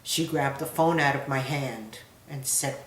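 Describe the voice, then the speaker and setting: Middle-aged mother, low voice, hesitant emotional testimony, roomy echo. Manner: halting, searching for words, emotional. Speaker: mother of a wounded soldier. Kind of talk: personal testimony interview.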